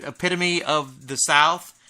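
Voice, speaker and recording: A man hosting a country music radio show, chatting with an energetic manner and frequent stumbling repetitions. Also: on the high side, measured pace. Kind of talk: casual radio chat.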